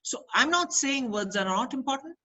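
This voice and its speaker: Speaking at a moderate pace with lively intonation, this high-pitched woman sounds pushed and bright, though the highs are cut off. She is Indian and is leading a career counselling webinar for students on a video call, switching between English and Hindi and testing her listeners with questions.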